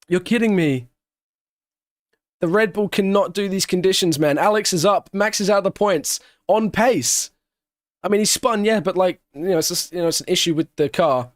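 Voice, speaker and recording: A man's voice: high-pitched, moderate pace, no echo, studio quality. Chatty man giving live race commentary. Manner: chatty, answers chat questions, breaks into excited shouting at big moments. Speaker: streamer hosting an F1 watch-along.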